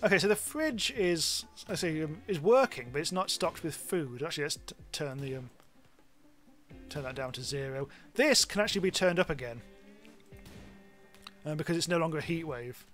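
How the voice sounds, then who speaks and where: A man's voice: a little high, lively intonation, moderate pace, fairly bright tone, faint music behind. A British man giving rambling, casual commentary on a live game stream, swearing freely.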